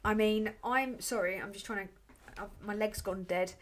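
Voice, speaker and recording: A woman with a medium-pitched voice speaks at normal speed as a livestream host. She talks bluntly and swears often, rambles from point to point, and reads out messages from viewers.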